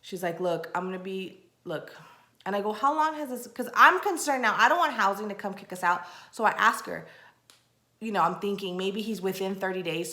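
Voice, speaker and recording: A woman vlogger telling a story in a casual, animated way, acting out the people she quotes and ranting in exasperation. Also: on the low side, reverberant. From Texas.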